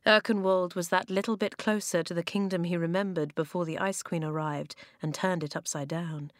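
A woman narrating a children's novel in an even, expressive storytelling manner. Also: on the low side, normal speed, no echo, studio quality. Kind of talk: audiobook reading of a children's novel.

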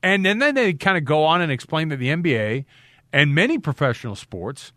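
A man's voice: fairly high pitch, very animated, a little fast, a bit bright, no echo, clean studio sound. A man hosting a casual sports talk show, rambling a bit and retelling what players said. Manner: rambling, restarts and quotes players. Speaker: sports radio host.

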